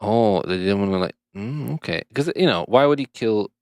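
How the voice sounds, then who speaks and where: Podcast host, male, lowish voice, dry sound, loose animated banter with swearing. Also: moderate pace, no room sound. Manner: animated, swears freely, laughs often. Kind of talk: casual chat. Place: lives in Japan.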